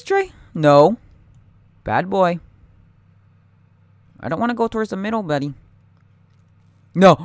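A man's voice: medium pitch, smooth, no echo. Jittery young man narrating his gameplay. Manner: anxious, excitable, mutters and repeats himself. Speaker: gameplay commentator. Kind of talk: live gameplay commentary.

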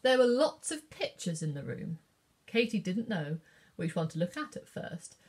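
A woman's voice: on the low side, big pitch swings, moderate pace, darkish tone, breathy edge. A woman librarian reading a picture book aloud at story time.

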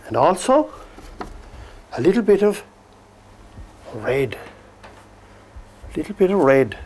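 A man teaching a painting demonstration, gently coaxing the brushstrokes as if talking to the paint. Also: on the high side, big pitch swings, slow pace, pauses often, a little hiss or hum. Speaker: painting instructor.

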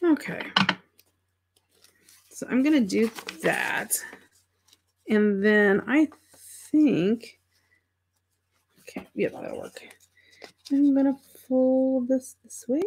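A woman's voice: high voice, slow pace, pauses often, a little mellow, breathy edge. A middle-aged woman hosting a crafting livestream, thinking aloud as she works and chatting with viewers about their comments. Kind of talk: casual craft demonstration chat.

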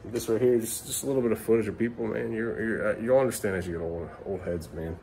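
Low-voiced dad vlogging at home, apologetic and rambling, faint room noise. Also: male voice, fast, vocal fry, a little mellow. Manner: emotional, apologetic, swearing, many fillers. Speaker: father vlogging for his kids. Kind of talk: casual vlog talk to camera. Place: family home at night. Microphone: camera mic.

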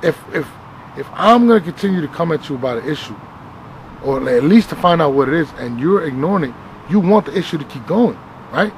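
A man's voice: a little high, expressive, fairly quick, slight background noise, rough recording. A man telling a heated story as an interview guest, emphatic and profane, checking in with "right?" as he goes. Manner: emphatic, profane, with repeated "right?" and "you feel me?" tags.

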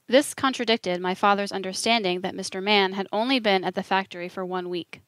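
A woman's voice: mid-range voice, steady tone, fairly bright tone, no echo. Dry, earnest woman audiobook narrator. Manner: measured, earnest storytelling. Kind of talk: scripted first-person narration.

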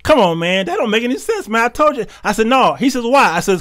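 A man with a high, bright, ringing voice tells stories in a preaching style, with in his speech. He acts out every character in the dialogue, bursts into laughter, and swings from soft asides to loud punch lines. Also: fast, few pauses. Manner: animated, laughing, acting out dialogue. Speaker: talk show host.

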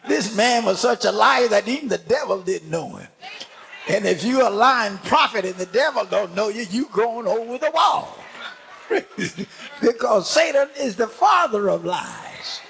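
A fervent older man preaching a sermon, his gravelly voice pitched high for a man. He delivers it slowly and deliberately, swinging widely up and down, and punctuates his points with praise and sudden shouts. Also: lively intonation, a little hiss or hum. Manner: fervent preaching with frequent hallelujahs and shouted emphasis. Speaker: bishop preaching.

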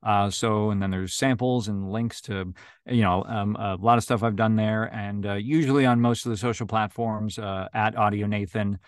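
A man's voice: on the low side, fairly even intonation, normal speed, clean tone, dry recording, clean studio sound. A man who narrates audiobooks, chatting casually as a video call guest, with lots of fillers and restarts. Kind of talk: casual interview chat.

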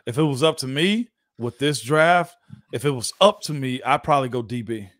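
A man's voice: mid-range voice, moderate pace, fairly bright tone, no echo. A man hosting a casual sports talk show, loose and chatty, laughing often. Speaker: former NFL guard and show host.

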